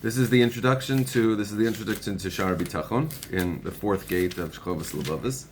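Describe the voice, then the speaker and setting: A man's voice: lowish voice, fast, a little hiss or hum. A man teaching religious texts in conversation, working through a passage step by step and reading parts of it aloud. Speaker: Torah teacher.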